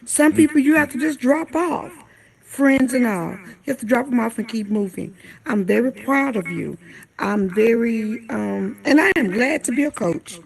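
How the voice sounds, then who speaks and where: Earnest woman with a gravelly edge. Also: fairly high pitch, expressive, moderate pace, low-quality recording. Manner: earnest, encouraging. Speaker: coach.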